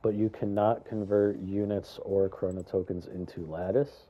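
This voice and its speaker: A young man giving casual, rambling commentary on a video game, chatty and excitable, with lots of fillers and some stuttering. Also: on the low side, normal speed, highs cut off. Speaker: gaming YouTuber.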